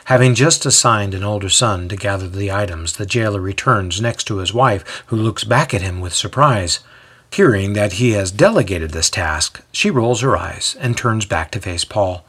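Brief: male storybook narrator, low voice, breathy edge, steady and descriptive. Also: moderate pace.

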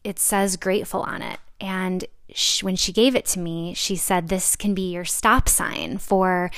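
A woman's voice: on the low side, fairly even intonation, a little slow, gravelly, a bit bright, no room sound, studio quality. A young adult woman hosting a solo podcast, talking in a reflective, chatty way with many fillers and restarts. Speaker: podcast host. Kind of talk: casual solo podcast talk.

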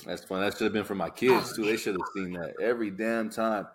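Easygoing low-voiced man chatting. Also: fairly even intonation, quick pace, a little hiss or hum. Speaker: podcast cohost. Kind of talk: casual chat.

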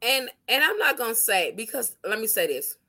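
A woman co-host speaks bluntly and swears freely. Her voice is a little high and bright. She rants in a fired-up, casual way. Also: very animated, moderate pace. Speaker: podcast co-host. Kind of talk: casual opinionated chat.

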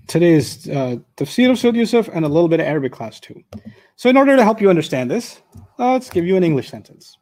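A man teaching a Quran commentary class to a live audience, explaining grammar with everyday examples in a conversational, animated way. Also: high voice, fast talker. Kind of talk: classroom tafsir lecture.

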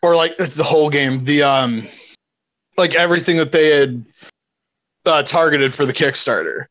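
High-voiced rambling podcast host man. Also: normal speed, a bit bright, no room sound, muffled recording. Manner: rambling, laughing, profane storytelling. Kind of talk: casual chat.

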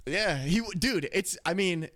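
Young man, high voice, animated, rambling, profane, casual podcast storytelling. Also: measured pace. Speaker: podcast co-host.

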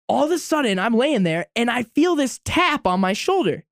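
A man's voice: very high-pitched, very animated, moderate pace, gravelly, no echo, clean studio sound. A young man casually telling a long, profane anecdote to friends on a podcast. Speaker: podcast guest storyteller. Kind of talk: casual storytelling among friends.

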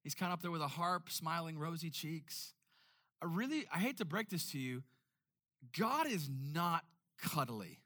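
A man preaching a sermon in an animated way, often repeating words when making a point. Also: fairly high pitch, normal speed. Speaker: pastor.

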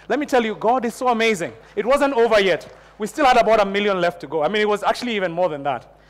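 A man's voice: high voice, expressive, quick pace, long reverb tail. A man preaching a sermon to a church congregation, telling a personal story and building into fervent prayer. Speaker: pastor.

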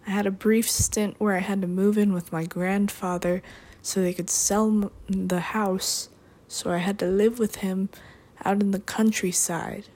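A young adult woman talking alone in a rambling, deadpan way, drifting between topics with dry asides. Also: medium pitch, measured pace. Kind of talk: rambling solo monologue.

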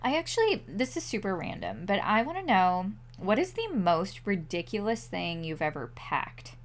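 A woman's voice: mid-range voice, huge pitch swings, moderate pace. A woman co-hosting a casual podcast, bantering and making self-deprecating jokes. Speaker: podcast co-host. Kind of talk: casual chat.

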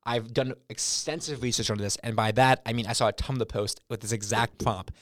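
Brief: young male co-host, mid-pitched, rambling deadpan storyteller, dry close-mic sound. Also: moderate pace, dry recording. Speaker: podcast co-host. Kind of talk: casual chat.

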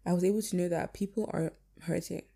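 A woman's voice: on the low side, steady tone, fast, gravelly, mellow. A young woman talking candidly about personal loss to her audience, reflective, with many fillers, her voice cracking near tears. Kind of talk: casual personal talk to camera.

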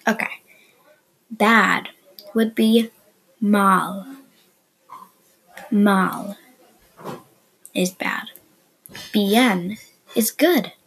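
A woman hosting a podcast and teaching beginner Spanish in a chatty, explanatory way, with soft asides. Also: mid-range voice, fairly even intonation, very slow, long pauses, slightly rough, rough recording. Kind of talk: casual beginner language lesson.

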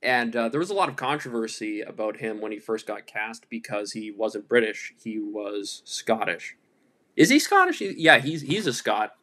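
A man's voice: mid-range voice, expressive, moderate pace, hardly any pauses, pushed and bright. A man hosting a solo podcast, talking casually in an irreverent, profane, rambling way full of fillers. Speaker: podcast host.

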